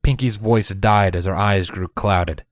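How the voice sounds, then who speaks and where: A man narrating a fan fiction audiobook in a steady storytelling manner. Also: deep voice, unhurried, no room sound, clean studio sound.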